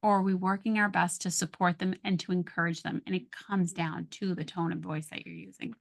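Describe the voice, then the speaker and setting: A woman giving calm, practical advice to parents on a conversational podcast, acting out harsh and gentle tones of voice. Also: fairly low pitch, a little fast, gravelly. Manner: calm, coaching, acts out soft and sharp tones. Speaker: guest, parenting communication coach.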